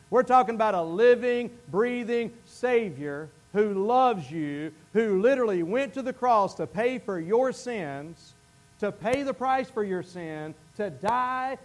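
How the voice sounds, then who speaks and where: A man with a very high voice delivers an impassioned sermon as a pastor. He rises to loud, emphatic peaks, then drops to hushed, intimate lines, and he repeats phrases and stumbles over words as he presses his point.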